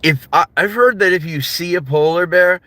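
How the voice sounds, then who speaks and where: Bright-voiced rambling streamer. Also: male voice, high voice, normal speed, no room sound. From United States. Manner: rambling, profane and laughing often. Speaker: livestreamer. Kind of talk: casual live-stream chat with viewers.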